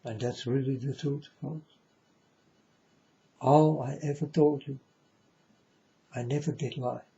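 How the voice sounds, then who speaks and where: A man's voice: mid-range voice, steady tone, slow pace, gravelly, mellow. A man giving a repetitive, insistent preaching monologue to viewers, calling them folks. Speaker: self-styled religious speaker. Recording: dull lo-fi recording.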